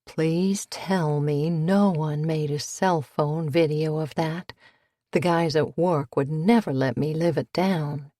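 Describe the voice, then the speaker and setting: A woman narrator voicing a brisk, dry young woman police deputy. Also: mid-range voice, animated, a little mellow, dry recording. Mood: wry.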